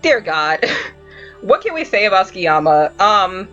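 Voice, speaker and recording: A woman's voice: mid-range voice, measured pace, muffled recording, soft background music. A woman hosting a casual anime review podcast, telling stories with a lot of swearing and laughter. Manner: animated storytelling, frequent swearing and laughter.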